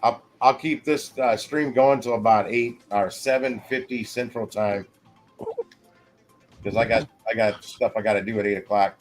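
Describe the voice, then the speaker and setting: A man hosting a casual livestream, rambling along with halting restarts. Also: lowish voice, steady tone, faint music behind. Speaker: livestream host.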